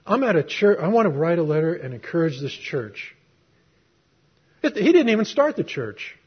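A middle-aged man preaches, telling a personal story in a conversational way and asking rhetorical questions. His fairly high, slightly rough voice swings widely in pitch at a normal speed, heard through a muffled lo-fi recording.

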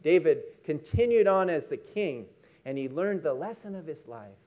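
High-voiced man preaching a sermon. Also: sing-song, a little mellow. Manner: storytelling, emphatic, slows for key words.

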